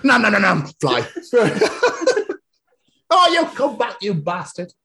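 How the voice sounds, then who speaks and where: Brief: squabbling feeder birds, petty and cursing, very jumpy pitch, improvised by a podcast host. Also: wildly swooping pitch, takes it slowly, pushed and bright, exaggerated voice. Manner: petty, indignant, sweary. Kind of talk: improvised comedy bit.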